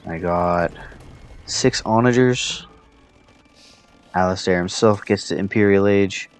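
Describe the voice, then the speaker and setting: A man's voice: deep voice, slow. A man casually commentating a strategy game he is playing, thinking aloud with plenty of fillers. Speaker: player commentating his own match.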